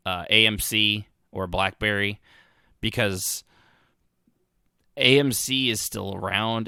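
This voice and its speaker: Gravelly, sharp-voiced male podcast host. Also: fairly low pitch, no echo, studio quality. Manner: sarcastic, frequent restarts and asides. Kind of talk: rambling casual commentary.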